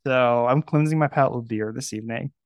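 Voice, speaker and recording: Guy hosting a podcast, raspy fry in his voice, dry close sound, joking at his own expense. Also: medium pitch, a little fast, no room sound, highs cut off. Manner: wry, self-mocking storytelling. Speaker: podcast host. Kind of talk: casual chat.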